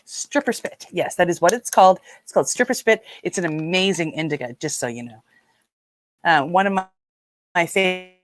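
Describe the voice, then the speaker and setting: A woman's voice: lowish voice, brisk. A woman from Nova Scotia, hosting a casual live stream, chatty and rambling as she greets viewers by name. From Nova Scotia, Canada. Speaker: livestream host.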